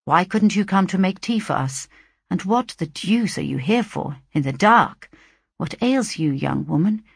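A woman reading a storybook, voicing a defiant, insolent young gentleman husband with a gruff, scornful manner. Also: fairly low pitch, lively intonation, measured pace, dry recording, studio quality, heavily acted.

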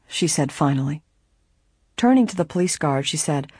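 A narrator reading a mystery novel aloud in a steady, even storytelling manner. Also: medium pitch, moderate pace, husky, no room sound, clean studio sound.

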